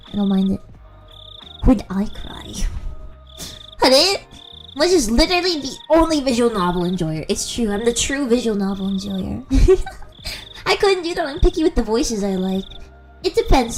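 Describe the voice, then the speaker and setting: Giggly high-voiced woman streamer. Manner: giggly, rambling, with many restarts. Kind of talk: casual live-stream chat. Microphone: handheld mic held close.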